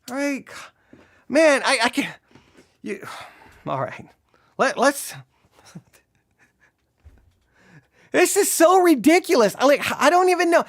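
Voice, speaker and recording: A man giving a sarcastic, exasperated commentary while reviewing a sermon, shifting between slow explanation and animated disbelief. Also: very high voice, no room sound, clean studio sound. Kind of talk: video commentary.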